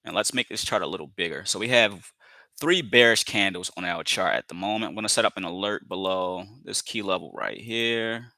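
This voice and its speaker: Calm man calling out trades, bright and dry. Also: deep voice, a little fast, no echo. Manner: repeats phrases, fills with "you know", calls viewers family; calm, talks himself into patience. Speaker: day trader streaming live trades. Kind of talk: live trading commentary.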